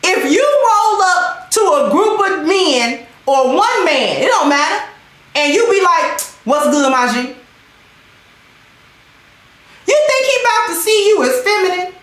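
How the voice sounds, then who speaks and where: Woman streamer, very high and lively voice, loud and emphatic, slangy, in an echoey room. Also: moderate pace. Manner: reads out and thanks chat commenters. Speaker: livestream host. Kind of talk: loud emphatic livestream commentary.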